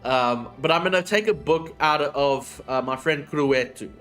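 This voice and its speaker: A man's voice: fairly high pitch, measured pace, fairly bright tone, soft background music. A man chatting casually with his chat audience on a livestream. He swears freely and drifts between topics.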